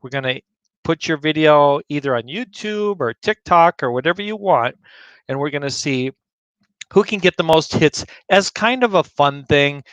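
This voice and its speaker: A man hosting a community news livestream, rambling casually as he clicks through a website and greets viewers by name, a bit choked up and clearing his throat. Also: fairly high pitch, expressive, normal speed, fairly bright tone, dry recording. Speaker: livestream host.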